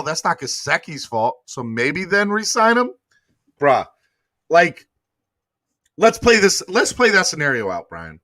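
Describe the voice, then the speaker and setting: Animated, bright-voiced male sports podcast host. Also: fairly high pitch, dry recording, studio quality. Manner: animated, slangy, begs viewers for likes. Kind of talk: casual sports talk livestream.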